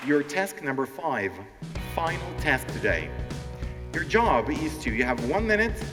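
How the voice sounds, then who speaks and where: A man's voice: on the high side, unhurried, over a noisy crowd. A man teaching English in an interactive stand-up lesson on stage, often checking in with "okay?" and acting out quotes. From Ukraine. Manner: animated, keeps asking "okay?", acts out quotes. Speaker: language teacher hosting a stage show. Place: stage in a hall before a live audience. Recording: reverberant hall with faint music.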